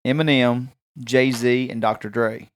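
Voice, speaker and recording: A man's voice: mid-range voice, measured pace. A man, co-hosting a podcast and chatting casually, rambling through anecdotes. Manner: rambling, animated anecdotes with acted quotes. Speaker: podcast co-host. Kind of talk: casual chat, storytelling.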